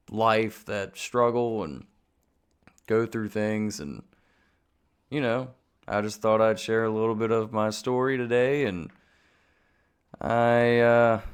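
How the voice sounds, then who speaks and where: A man hosting his channel in a candid, confessional talk, earnest and self-deprecating, unhurried and reflective. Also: medium pitch, smooth. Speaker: channel host.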